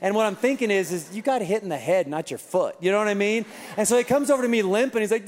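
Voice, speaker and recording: Man, pastor, funny sermon story, high voice, long hall reverb. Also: animated, a little fast. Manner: humorous storytelling.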